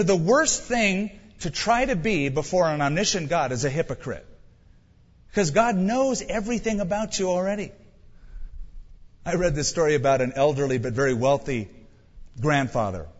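A middle-aged man preaching a sermon in a conversational style with wry humor. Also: a little high. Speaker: pastor. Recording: dull sound with long hall reverb.

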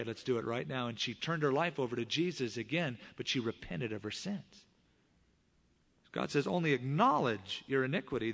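A middle-aged male pastor preaching a sermon, with animated rises in voice and sudden hushed drops. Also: a little high. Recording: long reverb of a large hall.

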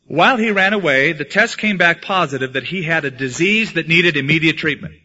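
A man preaching a sermon as pastor, swinging from loud emphatic lines to hushed ones. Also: on the high side, animated, brisk, breathy edge. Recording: dull lo-fi sound.

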